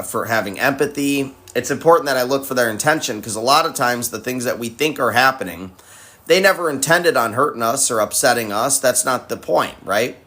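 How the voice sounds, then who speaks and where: A man's voice: medium pitch, bright, forceful tone. A man hosting a live stream, answering viewer questions in a candid, conversational way and telling personal stories. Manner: candid and conversational, swears casually. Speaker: host. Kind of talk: live-stream advice talk.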